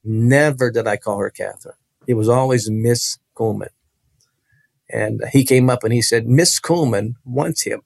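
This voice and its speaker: A man recounting a personal testimony as a guest, earnest and halting, often restarting his sentences. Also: medium pitch, steady tone, vocal fry, a little mellow, no echo.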